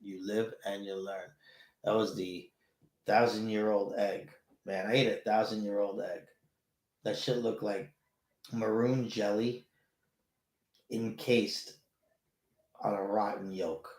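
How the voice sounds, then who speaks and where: Animated, cursing male chat host. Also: on the low side, slow, long pauses. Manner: animated, swearing, rambling. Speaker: show host. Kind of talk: casual solo chat show. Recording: roomy echo.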